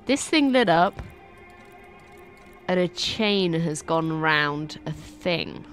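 A young woman with a lowish, expressive voice draws out her words over soft background music. As a game streamer playing something for the first time, she reacts to what she sees with frequent giggles and nervous exclamations, easily spooked.

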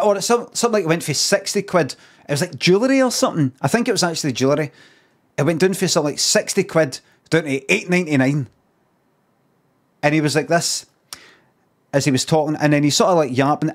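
A man's voice: on the high side, fast. A Scottish man telling a rambling, sweary anecdote on a live stream. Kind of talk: casual storytelling on a live stream.

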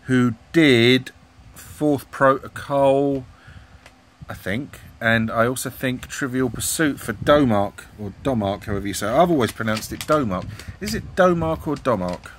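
A man's voice: mid-range voice, a bit bright, slight background noise. A middle-aged man chatting casually about old computer magazines, full of ums and questions to viewers. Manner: rambling, hesitant, many ums, asks viewers questions. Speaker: retro gaming YouTuber. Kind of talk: casual commentary flipping through a magazine.

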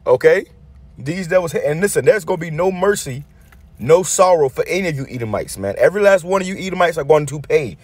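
A man's voice: on the high side, animated, fast, a little mellow, breathy edge, dry recording. Heated, blunt male preacher. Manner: heated, blunt and profane, with frequent restarts and a repeated tag word. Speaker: street preacher. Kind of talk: angry sermon-style commentary on a news clip.

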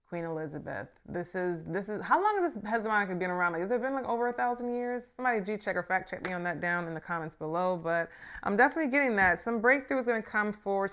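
A woman hosting her channel and doing a casual tarot reading to camera, talking in a chatty, sassy way that swings from quiet murmurs to loud, emphatic bursts. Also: lowish voice. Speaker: tarot reader and channel host.

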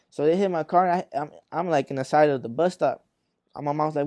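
A rapper from Arizona, interviewed casually, delivers long, profanity-laced street-slang stories with many fillers, performing the voices of those he describes. His voice is fairly high and dark-toned, his pace fairly quick. The studio-quality recording has no echo.

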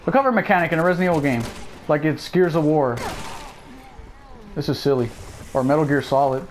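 A gameplay commentator with a fairly high-pitched voice talks briskly, cracking sarcastic jokes through his casual let's play. The low-quality recording carries a little hiss or hum.

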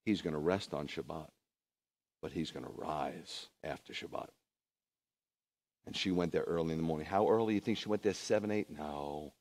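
A man, a rabbi, preaching a lively sermon full of rhetorical questions and conversational asides. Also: very deep voice, normal speed.

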